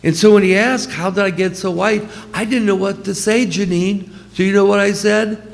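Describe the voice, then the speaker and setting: A man's voice: sits high, fairly even intonation, moderate pace, vocal fry. A man, a priest, telling stories in a conversational funeral homily. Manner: storytelling, warm and conversational. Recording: long hall reverb.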